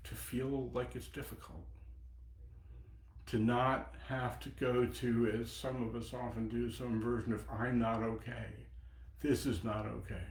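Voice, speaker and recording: A man in his seventies giving a dharma talk as a Buddhist teacher, reflective, pausing and personal. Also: mid-range voice, a little mellow. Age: 70s. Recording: echoey meeting room.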